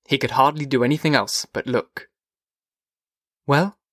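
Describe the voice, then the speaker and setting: A male audiobook narrator reading with a steady, measured pace. His voice sits at an ordinary middle pitch and sounds close and dry, with no room echo. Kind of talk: scripted narration.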